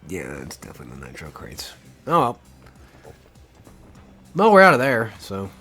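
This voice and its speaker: A man's voice: on the low side, wildly swooping pitch, moderate pace, sharp tone, breathy edge, soft background music. A man giving casual, rambling gameplay commentary with crude jokes. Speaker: let's play host.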